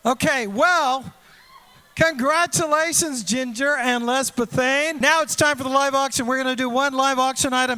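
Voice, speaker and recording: A man working as auctioneer at a charity gala, calling bids in a rapid, repetitive chant on a handheld mic in a large event hall. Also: extremely high pitch, steady tone, bright, forceful tone, clear, resonant tone.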